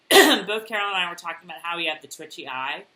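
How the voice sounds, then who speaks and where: Woman co-host, casual chat on a video call, animated and bright, many "um"s. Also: fairly low pitch, a little fast, poor audio. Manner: giggly, rambling with many fillers. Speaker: podcast co-host.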